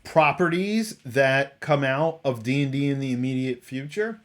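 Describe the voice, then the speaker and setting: A man's voice: mid-range voice, lively intonation, normal speed, a bit bright. A man hosting a casual commentary stream, rambling and exasperated, often restarting his sentences. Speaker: host.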